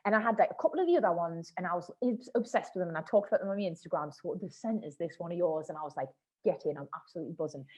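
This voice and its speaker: Chatty husky woman host. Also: fairly low pitch, animated, rapid-fire, few pauses, warm tone, low-quality recording. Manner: chatty, slangy, calls people mate. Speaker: podcast host. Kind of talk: casual chat.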